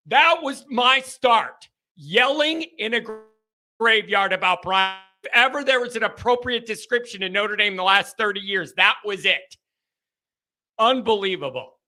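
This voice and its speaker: A man hosting a live call-in sports show, chatting casually and telling stories in animated, rambling bursts. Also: high-pitched. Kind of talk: casual live-stream chat and storytelling.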